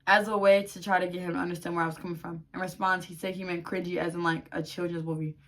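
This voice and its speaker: A woman creator reacts to online posts in a casual vlog. She reads the stories at a subdued, even level. Then she bursts in with blunt, heavily profane commentary. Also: quick pace. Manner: profane, blunt outbursts between calmer reading; reads posts aloud in a lower, quieter voice.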